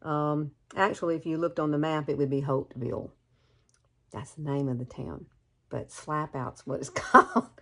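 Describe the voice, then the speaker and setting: Woman, Alabama Southern accent, fifties, folksy chatty makeup tutorial, lowish voice. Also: steady tone, moderate pace, bright, forceful tone. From Alabama, USA. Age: 50s. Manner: folksy, chatty, calls viewers girl. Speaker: beauty vlogger.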